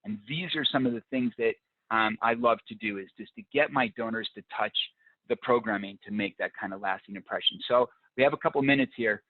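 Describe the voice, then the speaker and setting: A man's voice: on the low side, a little fast, dry recording. A man presenting a fundraising webinar, talking enthusiastically and reading out audience ideas as they come in. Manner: enthusiastic, reads audience chat aloud. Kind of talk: live fundraising webinar talk. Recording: dry, phone-like narrow sound.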